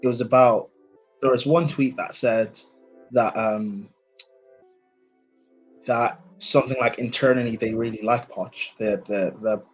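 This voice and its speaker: A man's voice: medium pitch, fairly even intonation, measured pace, pauses often, faint music behind, rough recording. A man co-hosting a football live stream in casual chat, hesitant, with lots of fillers and restarts. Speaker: football podcast co-host.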